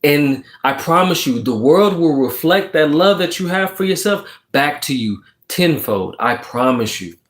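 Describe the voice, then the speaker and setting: A man's voice: on the high side, expressive, measured pace, hardly any pauses, a bit bright. A man reading tarot cards on a casual livestream, talking emphatically and preachily, checking in with his listeners and swearing now and then. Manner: swears casually while encouraging. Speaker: tarot card reader on a livestream. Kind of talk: casual livestream chat, reading viewer comments.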